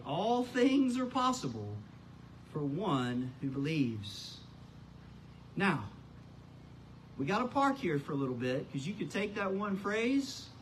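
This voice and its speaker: A man's voice: high voice, a bit bright, a little hiss or hum, poor audio. A man preaching a sermon as pastor, building up to big emphatic lines on key words. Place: church.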